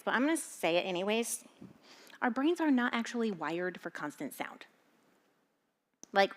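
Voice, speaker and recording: A woman pastor preaching a sermon in a chatty, animated way, laughing between phrases. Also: fairly high pitch. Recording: faint music in the background.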